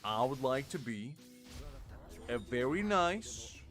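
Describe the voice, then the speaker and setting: A man's voice: medium pitch, sing-song, slow pace, fairly bright tone, faint music behind. A man streaming a video game, bantering in a playful, mock-exasperated way. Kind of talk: casual live-stream banter.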